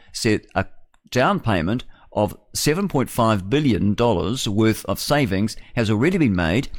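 A man's voice: mid-range voice, no room sound, studio quality. A man hosting live radio in a wandering, chatty way, muttering asides to himself. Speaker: radio host. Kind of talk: rambling live radio chat. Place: radio studio.

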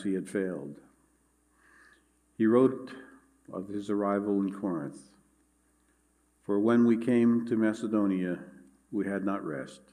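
Male pastor, lowish voice, measured earnest sermon delivery. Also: a little mellow. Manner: measured, earnest preaching with scripture reading.

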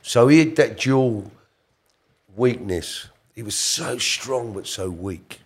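A middle-aged man tells a personal story in a colloquial, earnest way, moving between soft asides and emphatic bursts. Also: mid-range voice, animated, takes it slowly, breathy edge.

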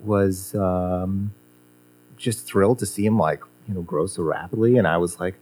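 A man's voice: sits low, fairly even intonation, unhurried, warm tone. A man, a former guitar teacher, reminiscing in casual conversation, rambling with many fillers and restarts.

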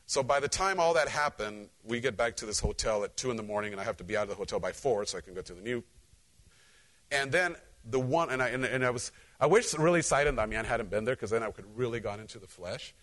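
This male pastor is a fast talker with a medium-pitched voice. He preaches in a lively, conversational way, recounting personal stories and speaking directly to his congregation.

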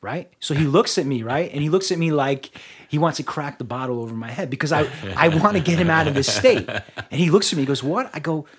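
Profane, animated man telling bar stories. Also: fairly high pitch, fast talker, husky. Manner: animated, profane storyteller acting out dialogue. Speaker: podcast co-host. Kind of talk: casual storytelling chat.

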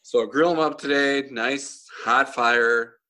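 Bright-voiced man telling a story. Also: mid-range voice, fairly even intonation, a little slow. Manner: storytelling, profane, laughing often. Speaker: podcast host. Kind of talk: casual chat.

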